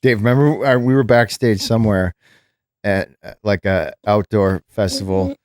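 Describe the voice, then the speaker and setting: A man co-hosting a podcast, telling a relaxed anecdote with frequent hesitations. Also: lowish voice, normal speed, clear, resonant tone, no room sound, clean studio sound. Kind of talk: casual podcast chat.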